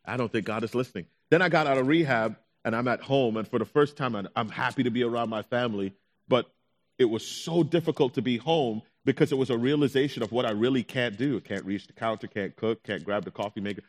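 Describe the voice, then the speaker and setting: A young adult man, a pastor, telling his own story in a sermon with animated delivery, acting out his anxious thoughts in quotes. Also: medium pitch, a little fast. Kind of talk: sermon testimony.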